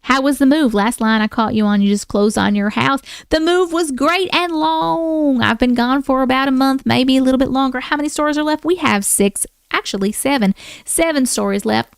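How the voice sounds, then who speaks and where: A woman's voice: sits high, moderate pace, creaky, clean tone, no room sound, studio quality. A woman hosting a casual live stream, chatting and thanking viewers by name while keeping up a playful put-on accent. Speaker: livestream host.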